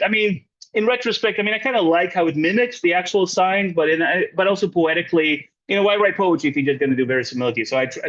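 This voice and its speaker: A fairly high-voiced man walks a group through a poem during a writing workshop. His talk is lively, his pitch jumps up and down, and he keeps tagging his points with a quick question to the listeners. The recording is muffled and lo-fi. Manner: checks in with frequent "right?" tags; animated, pitch jumping up and down. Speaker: poetry workshop leader.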